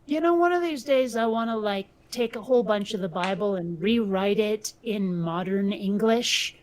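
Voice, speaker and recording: A woman's voice: mid-range voice, normal speed, a little mellow. A woman hosting a casual chat show, talking loosely and laughing at herself while reading aloud. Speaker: show host.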